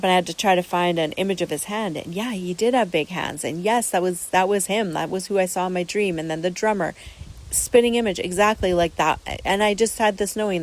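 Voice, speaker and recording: A woman's voice: lowish voice, poor audio. Earnest rambling woman telling a story. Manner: frequent restarts and repeated words. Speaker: podcast host. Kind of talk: casual spoken storytelling.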